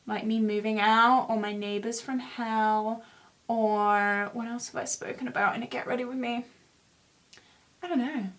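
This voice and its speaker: A woman's voice: a little high, fairly even intonation, normal speed. A young woman in her twenties chatting in a rambling, self-mocking way while doing her makeup for a beauty vlog. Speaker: beauty vlogger. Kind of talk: casual get-ready-with-me chat.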